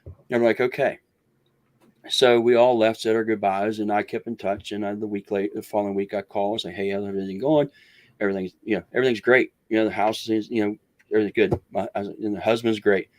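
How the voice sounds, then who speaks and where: A man with a lowish voice tells a long story as an interview guest. He rambles, restarts his sentences and slips into the voices of the people he quotes. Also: level tone, fast talker, a little mellow. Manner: rambling, restarts, acts out others' words. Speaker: guest researcher.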